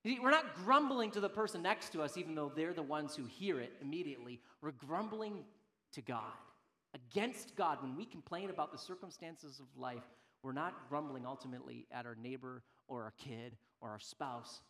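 A man in his thirties, a pastor preaching a sermon, emphatic, swinging between loud declarations and quiet, low asides. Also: moderate pace.

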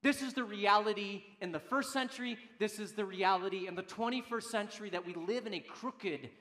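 High-voiced, emphatic male pastor preaching. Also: a little fast. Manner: emphatic, swings from loud declarations to quiet low asides. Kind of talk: sermon.

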